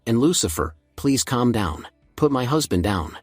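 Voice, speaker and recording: A man voicing a greedy, abusive middle-aged aunt, in a flat, even delivery. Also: mid-range voice, moderate pace, slightly rough, dry recording, soft background music. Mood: harsh.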